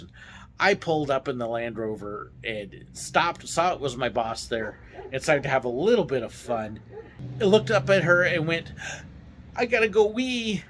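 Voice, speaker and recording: A man hosting a vlog, casually telling stories from his theme park job in a playful, animated way and acting out the voices. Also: mid-range voice, slight background noise. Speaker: vlog host, former theme park ride driver. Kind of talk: casual storytelling.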